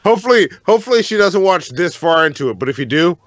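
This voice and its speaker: Joking male podcast guest, lively pitch. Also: fast, dry recording, highs cut off. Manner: joking, laughs at his own jokes. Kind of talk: casual chat.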